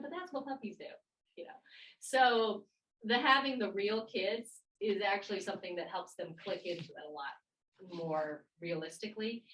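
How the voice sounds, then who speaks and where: A woman's voice: lowish voice, far from the mic, poor audio. A middle-aged woman who teaches kindergarten, talking casually at a workshop and acting out children's voices as she tells stories. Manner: lively, quotes kids in animated voices, laughs often. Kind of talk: casual talk at a professional workshop.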